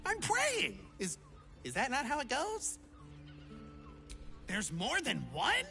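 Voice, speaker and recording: An eager little male would-be adventurer from a video game, high and bright with a gravelly edge. He babbles theatrically in wide, swooping leaps of pitch. He takes his time over each exclamation. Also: wildly swooping pitch, slow pace, soft background music, heavily acted. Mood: excitable.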